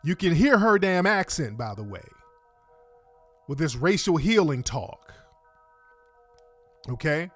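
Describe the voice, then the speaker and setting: A man's voice: a little high, very animated, slow pace, pauses often, a bit bright, soft background music. Emphatic man hosting a radio commentary. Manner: emphatic, repetitive, addresses listeners directly. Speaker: radio show host. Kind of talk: heated political commentary.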